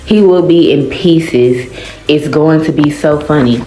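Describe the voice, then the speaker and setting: A woman casually reading a fan-fiction story aloud, jumping her pitch for the dialogue and breaking off to react. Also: measured pace, mellow. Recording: roomy echo with faint music.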